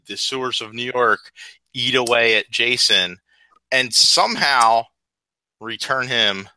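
Male co-host, very bright tense voice, blunt and laughing, dry recording. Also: mid-range voice, smooth, no room sound, low-quality recording. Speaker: podcast co-host. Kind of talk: casual movie review chat.

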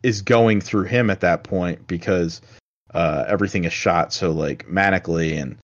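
A man chatting casually about a film, halting and meandering, with casual swearing. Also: low voice. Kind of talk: casual movie discussion. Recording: dull lo-fi sound.

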